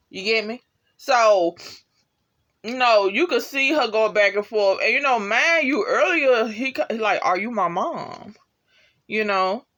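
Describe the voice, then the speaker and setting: Animated casual woman reviewing a show. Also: medium pitch. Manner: animated, slangy, acts out characters' lines. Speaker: TV episode reviewer.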